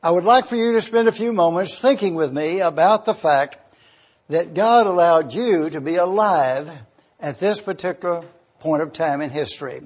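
An older man preaching a sermon, slowly asking questions and repeating his points. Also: a little high, slightly rough. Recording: dull lo-fi recording.

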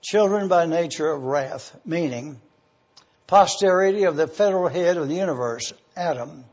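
A male pastor preaches in a measured, deliberate cadence, walking through his points one by one. His voice sits high and a little breathy. The recording is muffled and lo-fi. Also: darkish tone. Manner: slow, deliberate teaching cadence with listed points. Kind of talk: sermon.

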